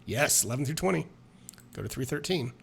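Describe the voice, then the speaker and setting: A man's voice: mid-range voice, animated, fairly quick, vocal fry, a little hiss or hum. A man reading a solo tabletop adventure aloud, with chatty, self-mocking asides between passages. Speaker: solo tabletop game player and narrator.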